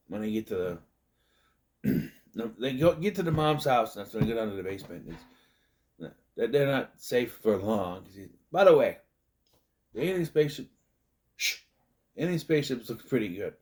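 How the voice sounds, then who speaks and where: A man recapping a movie in a loose, casual way, often slipping into quick put-on voices to act out the scenes. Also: on the low side, sing-song, a little mellow. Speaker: movie reviewer.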